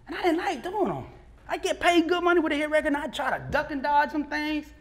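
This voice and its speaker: A man speaking as a motivational speaker, telling a story live in a lively, slangy way, often laughing and acting out what others said. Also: very high voice, quick pace.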